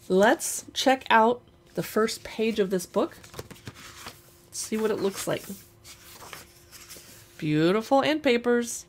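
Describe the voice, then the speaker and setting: A woman hosting a livestream, chatting enthusiastically about books and reading a novel aloud. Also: mid-range voice. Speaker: book channel host.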